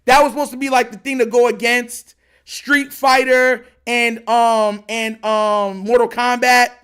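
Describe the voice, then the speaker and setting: High bright-voiced man, slangy livestream host. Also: unhurried, clear, resonant tone. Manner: animated, slangy, talks to chat. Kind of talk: casual livestream storytelling.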